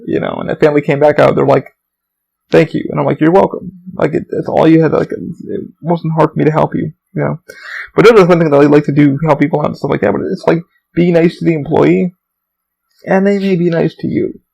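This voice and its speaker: On a low-quality recording, a young podcast host speaks alone in a somewhat high, fairly quick voice that is creaky, a little mellow, and breathy at the edges, with fairly even intonation. His profane, filler-heavy stories ramble, and he plays other people in a raised voice.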